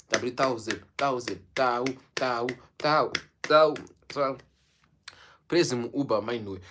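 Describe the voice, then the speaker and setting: Young adult Zimbabwean vlogger, Shona first language, animated code-switching delivery. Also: medium pitch, a little hiss or hum. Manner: excitable, switches between English and Shona mid-sentence. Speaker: YouTuber celebrating a subscriber milestone. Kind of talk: casual vlog monologue.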